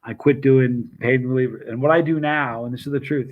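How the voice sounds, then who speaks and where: A man's voice: medium pitch, fast, few pauses, narrow, tinny audio. A middle-aged man casually telling rambling personal stories, often restarting his sentences and greeting viewers by name. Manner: rambling, self-interrupting, addresses viewers by name. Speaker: vlogger chatting with live chat.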